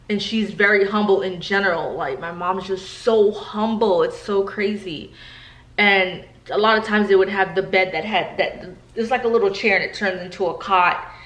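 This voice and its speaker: A woman's voice: medium pitch, a bit bright. A woman in her thirties from New York, telling personal stories to camera in a candid, chatty way and often speaking straight to her viewers. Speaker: vlogger. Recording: echoey room.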